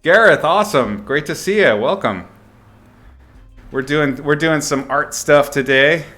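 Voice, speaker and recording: A man's voice: on the high side, a little slow, fairly bright tone. A man illustrator chatting casually with viewers as he sketches on a live stream, greeting people and thinking aloud.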